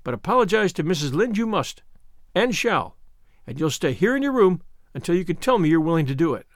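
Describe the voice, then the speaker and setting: A man's voice: high voice, sing-song, a little fast, no room sound. Strict, dry-witted spinster, voiced by a man, clipped and stern. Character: stern dry middle-aged spinster woman.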